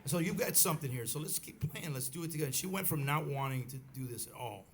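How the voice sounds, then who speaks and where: A middle-aged bandleader telling a rambling story on stage at a live club, with many restarts and acted quotes. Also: male voice, a little high, lively intonation, fast. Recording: live club recording with faint crowd noise.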